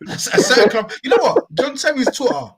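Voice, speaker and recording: A man's voice: very high voice, huge pitch swings, brisk, crowd noise. A man co-hosting a football podcast, speaking reflectively, often restarting his words as he tells a story. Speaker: podcast co-host. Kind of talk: casual football chat.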